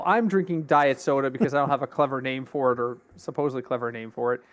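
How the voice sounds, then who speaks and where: A middle-aged man co-hosting a casual podcast, telling a long story in a chatty, animated way. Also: mid-range voice, quick pace. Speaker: podcast co-host. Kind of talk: casual chat.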